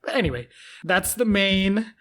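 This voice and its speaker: A man's voice: high-pitched, lively intonation, measured pace, bright, forceful tone. A man co-hosting a podcast in casual chat, joking and bantering playfully. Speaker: podcast co-host.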